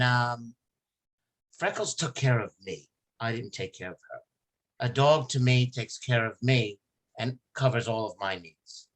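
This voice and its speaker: On a casual podcast chat, a male host tells an emotional personal story, rambling and restarting as he goes. His pitch is in the ordinary middle range for a man, with a fairly bright tone.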